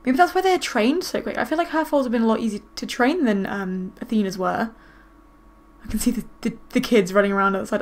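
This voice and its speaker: A woman giving casual gameplay commentary, excitable and gushing over what happens in her game. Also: fairly high pitch, brisk. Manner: excitable, gushing, squeals with delight. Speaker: gaming video host.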